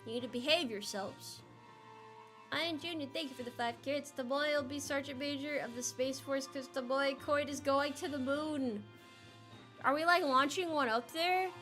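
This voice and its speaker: A young adult woman, a VTuber streamer, chatting casually with her viewers, animated and flustered, laughing often and repeating words when worked up. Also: sits high, moderate pace, soft background music. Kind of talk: casual livestream chat.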